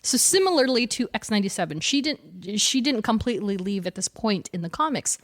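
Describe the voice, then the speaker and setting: A woman co-hosting a podcast animatedly recaps a comic story in casual chat, laughing often and tossing in slangy asides. Her mid-range voice is very lively and runs a little fast.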